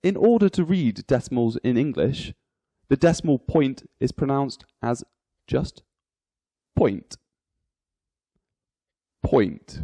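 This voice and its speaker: Man, English teacher, mellow husky voice, dry sound, drills numbers one by one. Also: medium pitch, no echo. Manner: drills each number aloud, repeating it slowly. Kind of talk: slow, deliberate English lesson.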